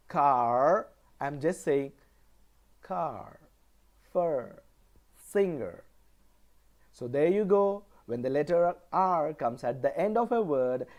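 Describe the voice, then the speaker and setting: A male college lecturer from India giving a pronunciation lesson, deliberately repeating example words one at a time. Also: fairly high pitch, darkish tone.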